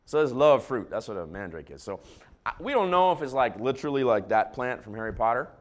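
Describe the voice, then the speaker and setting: Animated pastor, lively sermon voice. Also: male voice, medium pitch, brisk. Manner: animated, joking asides to the congregation. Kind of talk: conversational sermon. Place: church before a large congregation.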